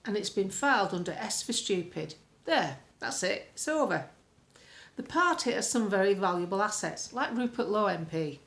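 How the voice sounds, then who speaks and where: A woman from the UK, a political commentator, recording a blunt, opinionated vlog monologue at home with colourful sayings. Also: mid-range voice. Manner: blunt, colloquial, earthy sayings.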